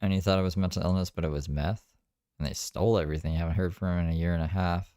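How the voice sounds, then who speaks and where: A man's voice: low-pitched, fairly even intonation, rapid-fire, dark tone, clear, resonant tone, no echo, clean studio sound. A man streaming live and reacting to videos in casual, mocking commentary, swearing freely.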